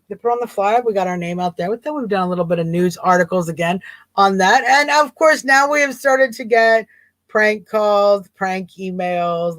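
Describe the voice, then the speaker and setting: A woman's voice: medium pitch, no echo. A woman hosting a casual livestream talk show, chatty and amused, rambling and repeating herself. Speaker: host.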